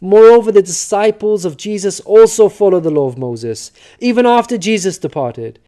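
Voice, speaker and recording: A man reading a scripted religious narration in a measured, earnest, explanatory way. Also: high-pitched, animated, mellow.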